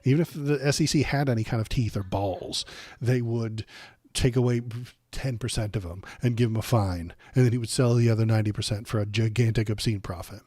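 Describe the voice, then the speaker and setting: A man hosts a political livestream, talking bluntly and sarcastically with plenty of swearing. His voice is dark and mellow, and his throat is sore from a cold. The sound is dry and close, with little room around it. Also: fairly low pitch, fairly quick, dry recording. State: coming down with a cold, throat bothering him. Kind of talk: ranting political commentary.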